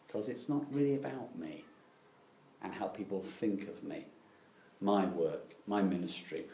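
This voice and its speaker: A man's voice: on the low side, darkish tone, reverberant, a little hiss or hum. A middle-aged man preaching a sermon, telling stories with dry, self-deprecating irony.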